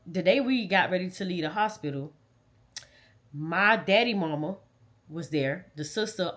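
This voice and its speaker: A woman telling an emotional personal story in casual, repetitive, dialect-rich speech. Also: on the low side. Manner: conversational, repetitive, dialect grammar. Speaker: vlogger.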